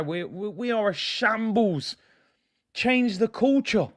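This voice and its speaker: A man hosts a football fan vlog. His voice sits a bit high, and he talks bluntly and passionately, hammering points home by repeating them. He keeps turning to his viewers and calling them "people.". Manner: addresses viewers directly as "people". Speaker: football fan channel host. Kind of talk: ranting fan reaction vlog.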